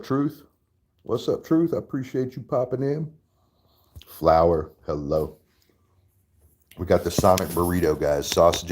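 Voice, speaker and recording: A man's voice: low voice, darkish tone. A man hosting a casual livestream, rambling, swearing freely and laughing often. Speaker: livestream host. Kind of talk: casual livestream chat while eating.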